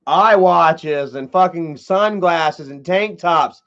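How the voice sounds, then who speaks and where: A man with a high-pitched voice talks off the cuff on a live stream, loose and rambling. He swears freely and leans on "man" and "you know". The audio is dull and lo-fi, with the top end muffled. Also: slow pace, a bit bright.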